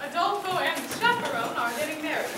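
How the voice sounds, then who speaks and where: A woman's voice: high voice, sing-song, quick pace, heavy background noise. A young woman on a school stage playing a glamorous, theatrical young showgirl bride. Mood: dramatic. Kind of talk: high school musical theatre. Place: school stage in a large hall. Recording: echoey auditorium taped from far off, loud audience.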